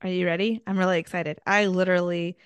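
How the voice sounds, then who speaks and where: A woman's voice: on the low side, level tone, fast talker, clear, resonant tone, no echo. A young woman co-hosting a casual podcast with her mother, playful and teasing, laughing often. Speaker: podcast co-host. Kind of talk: casual chat.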